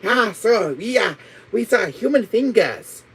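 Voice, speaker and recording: A man's voice: very high-pitched, very animated, drawn-out words, warm tone, husky, voice pushed up, heavily acted. A man voicing a pushy takeout restaurant clerk in an exaggerated put-on voice, hawking the menu.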